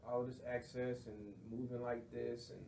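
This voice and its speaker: A young man chiming in to a casual podcast chat in a relaxed, drawling way, swearing now and then. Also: mid-range voice, normal speed, creaky, a little hiss or hum, rough recording. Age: young adult.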